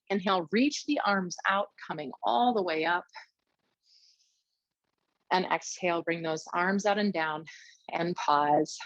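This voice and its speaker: A woman teaching a yoga class, giving chatty, encouraging cues and checking in with a quick "yeah?" as she goes. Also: mid-range voice, no echo. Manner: chatty, encouraging, frequent "yeah?" check-ins, light laughs. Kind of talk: guided yoga class instruction. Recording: dull, dry lo-fi sound.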